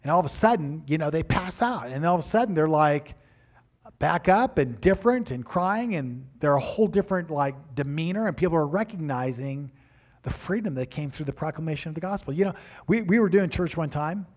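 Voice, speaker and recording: An older man preaches with a slightly raised pitch. He tells his story in an animated way and often restarts his words. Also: fairly quick. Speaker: pastor. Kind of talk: storytelling sermon.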